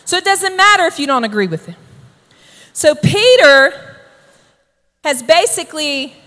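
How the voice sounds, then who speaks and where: High bright-voiced woman preaching. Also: big pitch swings, measured pace, in a large hall. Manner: emphatic, keeps asking "right?". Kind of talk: sermon.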